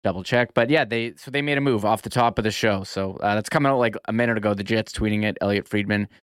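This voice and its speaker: A man's voice: fairly low pitch, fast talker, clear, resonant tone, dry recording, clean studio sound. A man co-hosting a sports talk show, chatty, with frequent fillers and self-corrections. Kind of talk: casual radio sports talk.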